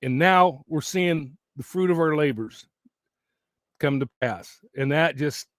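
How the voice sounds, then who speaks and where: A man chats loosely to his channel's viewers from home, sitting right up on the mic in a dry, close sound. His voice sits a bit high for a man and is wearing thin, and he rambles, restarts and laughs often. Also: slow, dry recording. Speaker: YouTube channel host. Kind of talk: casual livestream chat.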